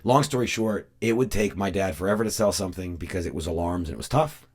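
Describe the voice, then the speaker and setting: A man's voice: low voice, fast. A man from the Pittsburgh area, a podcast guest, telling stories in casual chat and acting out the people he quotes. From Pittsburgh area, USA. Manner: animated storyteller, acts out quoted voices. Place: podcast studio.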